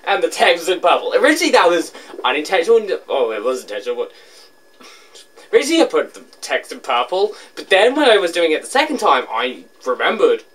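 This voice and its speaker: A man's voice: fairly high pitch, sing-song, fairly bright tone, slightly rough. Young man rambling over his own clip. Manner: rambling, self-mocking, quick to laugh. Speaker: video creator reacting to a reaction. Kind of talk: casual reaction commentary.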